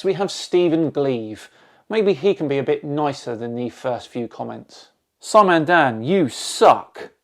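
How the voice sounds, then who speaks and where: A man from England hosting a channel, reading hostile viewer comments aloud with dry, sarcastic replies. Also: on the high side.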